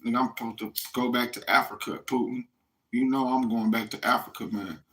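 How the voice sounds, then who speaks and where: A man's voice: mid-range voice, fairly even intonation, a little fast, a bit bright. Profane man rambling in street slang. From United States. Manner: profane, slangy street talk, addressing listeners directly. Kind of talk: rambling casual monologue.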